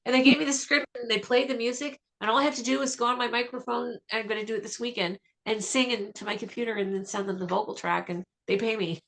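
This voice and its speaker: A woman vocalist talking as a guest in a radio interview, chatty and enthusiastic with quick asides. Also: a little high, fairly even intonation, creaky, fairly bright tone.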